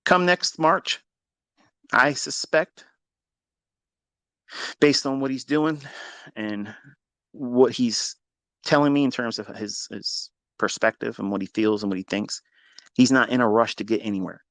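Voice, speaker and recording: A man's voice: medium pitch, measured pace, long pauses, a bit bright, no echo. A man coaching traders in a blunt, profane motivational monologue. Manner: profane, emphatic, preachy. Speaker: trading coach.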